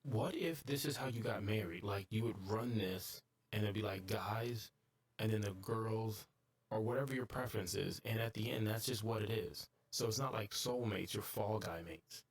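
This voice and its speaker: A man streaming a game live, excitable and jokey, breaking into bits of song and sudden high-pitched yelps. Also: normal speed, husky. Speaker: gaming streamer. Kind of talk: live gameplay commentary.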